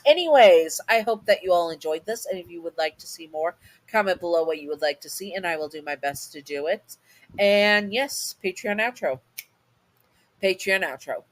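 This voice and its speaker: A woman's voice: on the low side, brisk, low-quality recording. A woman casually reading a second-person fan audio story, often stumbling over and restarting words.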